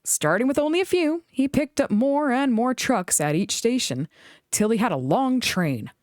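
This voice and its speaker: A woman reading a children's book aloud in an expressive storytelling voice. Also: a little high, normal speed, no room sound, studio quality. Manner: expressive, animated read-aloud.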